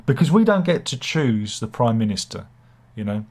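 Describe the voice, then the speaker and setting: A man's voice: mid-range voice, very animated, moderate pace, darkish tone. A man with a head cold, hosting a live chat show in a rambling, hesitant way, full of fillers and jokey asides while reading out viewer comments. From United Kingdom. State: has a cold, slight cough.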